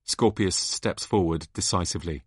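A man's voice: low-pitched, moderate pace, breathy edge, no echo, studio quality. A man reading stage directions aloud in a plain, matter-of-fact way. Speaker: narrator.

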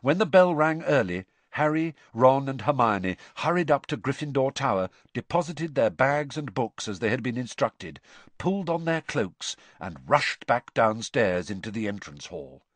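A man narrating a storybook audiobook in an expressive, suspense-building way. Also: medium pitch, moderate pace, dry recording. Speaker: audiobook reader.

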